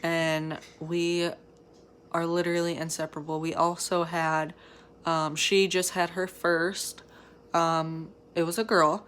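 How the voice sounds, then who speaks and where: A woman's voice: lowish voice, little pitch movement, slow pace, a bit bright, a little hiss or hum. A young woman and mother of three talking casually to camera in a rambling, chatty way, full of fillers.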